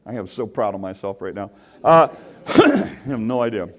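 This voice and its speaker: A man's voice: on the low side, very animated, moderate pace, a bit bright. A man preaching a sermon to his congregation in a conversational way, often putting questions to the listeners. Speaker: pastor. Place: church sanctuary.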